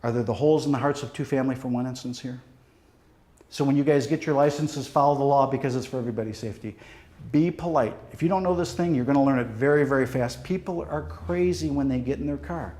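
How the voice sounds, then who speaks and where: A man's voice: medium pitch, quick pace. Echoey man telling a dramatic story. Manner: dramatic storytelling, speaks straight to the audience; pleading, drops to near hush at the end. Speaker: police deputy chief giving a safety talk. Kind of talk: motivational presentation to students. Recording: echoey hall.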